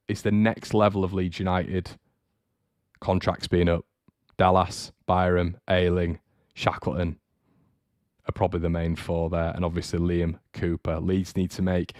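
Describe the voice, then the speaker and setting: A man's voice: deep voice, flat delivery, moderate pace, darkish tone, no room sound, clean studio sound. A young man hosting a fan channel livestream, chatting in a rambling way and reading out viewer comments. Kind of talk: casual livestream chat.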